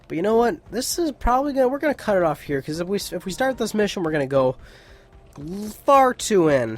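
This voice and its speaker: A young man hosting a let's play, rambling through casual commentary with plenty of swearing and restarts. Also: fairly high pitch. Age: young adult. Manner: rambling, profane, with many restarts.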